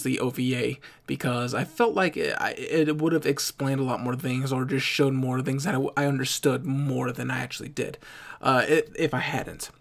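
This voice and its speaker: Gravelly young man rambling through an anime reaction. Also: medium pitch. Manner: rambling, restarts and corrects himself often. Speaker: anime reaction channel host. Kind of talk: casual reaction commentary.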